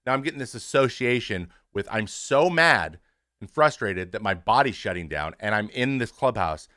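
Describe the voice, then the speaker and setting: A man in his thirties, a former pitcher hosting his show, speaking frankly and casually to his stream audience, with swearing and many restarts. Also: expressive, normal speed, pushed and bright, dry recording, studio quality.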